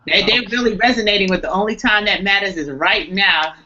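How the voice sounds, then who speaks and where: Bright lively woman co-host, hyped and encouraging, lo-fi audio. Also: medium pitch, a little fast, a little hiss or hum. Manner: enthusiastic, affirming, playful. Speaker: show co-host. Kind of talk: live online show chat. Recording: dull lo-fi sound.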